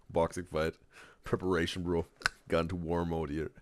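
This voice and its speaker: A man doing casual live reaction commentary, halting with many restarts, often tagging "right?" and "bro" and laughing loudly. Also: low-pitched, little pitch movement, no room sound. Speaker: reaction streamer.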